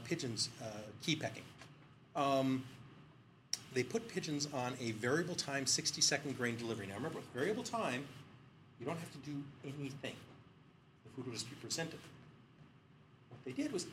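A man's voice: medium pitch, noisy background. A middle-aged man giving a psychology lecture, telling stories animatedly and acting out the people in them. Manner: animated storytelling, voicing characters in quotes. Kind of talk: lecture with acted-out anecdotes.

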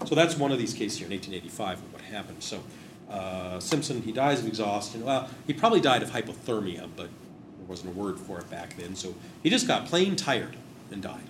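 A host discussing memorial plaques explains old stories casually, rambling and digressing with a wry touch. His lowish voice is expressive and brisk, and the recording has a roomy echo with background noise.

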